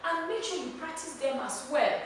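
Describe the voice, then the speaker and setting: Woman with a Nigerian accent, teacher, high voice, emphatic, repeats words, very echoey classroom, far from the mic. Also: expressive, moderate pace, fairly bright tone, slight background noise. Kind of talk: classroom lesson.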